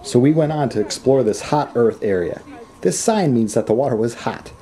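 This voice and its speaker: A man's voice: medium pitch, expressive, moderate pace, warm tone. An American man narrating his travel vlog with wry, self-mocking humor. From United States. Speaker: travel vlogger.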